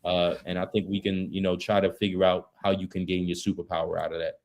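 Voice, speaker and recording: A man's voice: low-pitched, level tone, quick pace, darkish tone. A man speaking as an interview guest, earnest and open, in casual slang.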